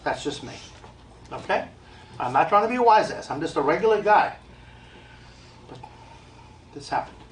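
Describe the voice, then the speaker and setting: Speaking to a live crowd in an event hall, a US medium with an expressive, fairly high voice talks at a moderate pace and pauses often. His delivery is blunt and insistent, with repetition and joking asides, captured by a far-off mic in an echoey room with slight background noise.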